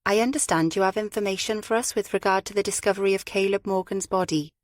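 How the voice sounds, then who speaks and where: A woman's voice: medium pitch, fast talker, dry recording, clean studio sound, lightly acted. A woman voicing a middle-aged male chief inspector who speaks tersely and matter-of-factly. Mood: curt.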